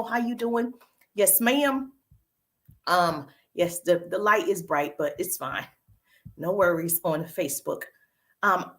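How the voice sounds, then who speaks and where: A woman's voice: on the low side, takes it slowly, long pauses, fairly bright tone. A woman with a Southern US accent hosts a casual livestream as a social media business coach, upbeat and greeting viewers by name, with a cough drop in her mouth.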